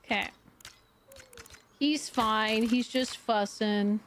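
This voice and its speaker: A woman's voice: a little high, extremely slow, a bit bright, a little hiss or hum. A woman streaming, chatting casually, often laughing and talking fondly to her dog. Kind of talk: casual live-stream chat.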